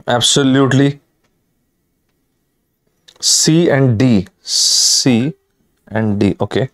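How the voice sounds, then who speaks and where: A man's voice: medium pitch, very slow, fairly bright tone. A man teaching a live online lesson, emphatic and addressing students directly, repeating key words. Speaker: online exam-prep teacher.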